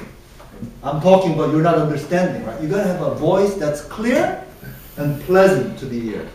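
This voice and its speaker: A man's voice: fairly high pitch, darkish tone. A male professor giving a conversational classroom lecture, often checking in with his students. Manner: conversational, keeps checking in with "right?". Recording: very echoey classroom, mic far off, faint hiss.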